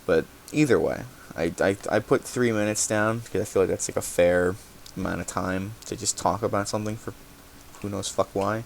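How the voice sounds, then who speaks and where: A man's voice: on the low side, normal speed, vocal fry, slight background noise. A young man hosting a podcast segment, talking casually and rambling, often correcting himself and swearing now and then. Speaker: podcast host.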